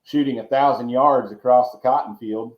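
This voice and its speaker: A mid-range male voice with fairly even intonation and a moderate pace belongs to a Georgia man telling long, rambling stories on a podcast as a guest. He repeats words often and adds folksy asides in this casual interview, recorded with roomy, dull, lo-fi sound.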